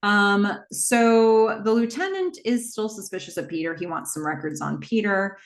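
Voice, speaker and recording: A woman hosting a casual horror movie recap, retelling the plot in a chatty way with quick asides. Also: medium pitch, animated.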